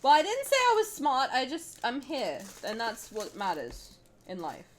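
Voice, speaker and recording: Animated woman streamer, squealing and muttering. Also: high-pitched, moderate pace, slight background noise. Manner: expressive, swings from loud squeals to quiet mutters. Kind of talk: casual gaming stream chat.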